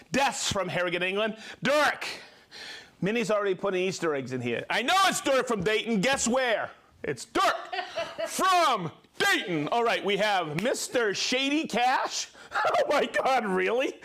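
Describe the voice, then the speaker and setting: A very animated man with a high, sharp-toned voice hosts a livestream, reading viewers' names and where they're from. He keeps it jokey, fumbles difficult place names, and slips in quick side comments.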